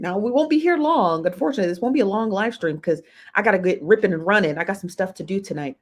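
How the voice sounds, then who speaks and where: A woman's voice: medium pitch, expressive, quick pace. A woman hosting a casual livestream, chatting with viewers, greeting them by name and laughing often, recorded on a phone. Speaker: livestream host.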